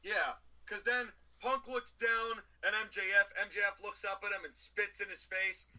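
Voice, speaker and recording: A man co-hosting a wrestling review podcast, telling the story of a match in an opinionated, animated way. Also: sits high, moderate pace, poor audio. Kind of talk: casual review chat.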